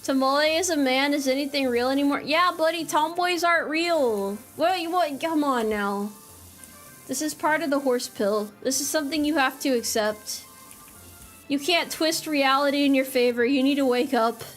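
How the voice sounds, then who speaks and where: A woman's voice: sits high, moderate pace, faint music behind. A woman streamer giving casual gameplay commentary, playful and teasing.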